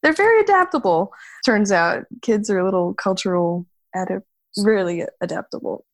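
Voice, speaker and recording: A woman's voice: mid-range voice, lively intonation, moderate pace, no echo. Woman guest chatting on a call, morning voice, laughs a lot, dry sound. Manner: chatty, laughs often, restarts words. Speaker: podcast guest. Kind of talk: casual conversation.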